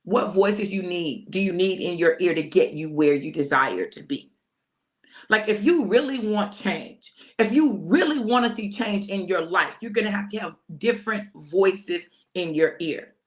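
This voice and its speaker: A middle-aged woman preaching an informal sermon in a lively, conversational way, addressing her listeners as y'all. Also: unhurried. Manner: preachy, conversational, uses y'all and folksy phrasing; lively, emphatic, rising to high pitch for emphasis. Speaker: pastor and prophetic speaker. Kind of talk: informal sermon, live stream.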